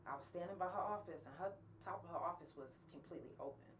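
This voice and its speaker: A woman's voice: fairly low pitch, fast, a bit bright, far from the mic, slight background noise. A woman hosting a podcast, talking bluntly and angrily to her listeners and swearing often. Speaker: podcast host. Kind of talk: candid monologue to listeners.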